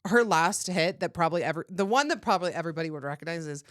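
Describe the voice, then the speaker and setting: A woman's voice: on the low side, expressive, racing, fairly bright tone, dry recording, studio quality. A woman co-hosting a podcast, chatting casually and laughing often. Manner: giggly, easygoing, laughs often. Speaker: podcast co-host. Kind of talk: casual chat.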